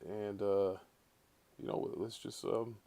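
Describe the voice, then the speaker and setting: A man hosting a casual livestream, talking in an animated way, swearing and calling out viewers in the chat. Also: fairly low pitch, slow pace, gravelly. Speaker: livestream host.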